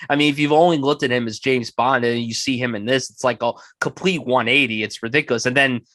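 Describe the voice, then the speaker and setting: A man hosts a casual film-discussion podcast and piles on enthusiasm with plenty of emphatic praise. His voice sits at an ordinary middle pitch. The recording is dry and close, with no room sound. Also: fairly even intonation, quick pace, a bit bright, no echo. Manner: effusive and enthusiastic. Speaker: podcast host.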